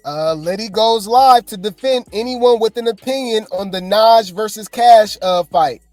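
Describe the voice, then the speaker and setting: A woman in a mid-range voice gives casual, slangy gossip commentary and talks straight to her viewers as y'all. The mic is close and dry, with soft music underneath. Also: medium pitch, a little slow, no echo.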